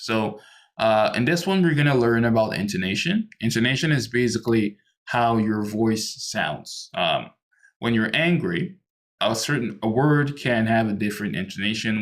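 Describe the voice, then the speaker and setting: A man teaching an online English lesson, patient and explaining with many ums and restarts, on a computer microphone. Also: fairly low pitch. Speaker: English tutor.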